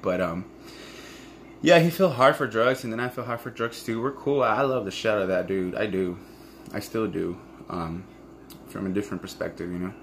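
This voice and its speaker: A man's voice: fairly low pitch, moderate pace, slight background noise. A man talking candidly to camera in a raw, profane, emotional monologue about a past relationship. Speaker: vlogger.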